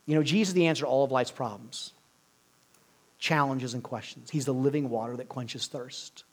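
A male preacher delivering an earnest sermon, swinging between loud emphasis and hushed, near-whispered lines. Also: medium pitch, normal speed, slightly rough.

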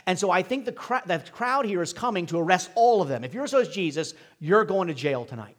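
Husky, animated male preacher. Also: sits high, a little fast. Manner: dynamic preaching, swings from hushed to emphatic. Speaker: pastor. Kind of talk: sermon.

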